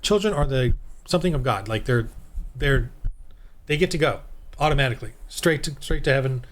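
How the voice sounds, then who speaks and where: A man's voice: medium pitch, lively intonation, a little fast, slight background noise. A man from the United States giving a rambling, heated, preachy commentary monologue as a Christian video host.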